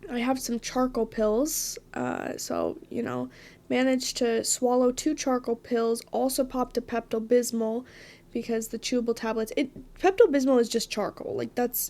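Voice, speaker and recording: A woman hosting her own podcast, telling a story with dramatic flair and quick asides. Her voice sits high, with a gravelly fry at the ends of phrases. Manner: animated, dramatic retelling with frequent laughs and asides. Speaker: podcast host.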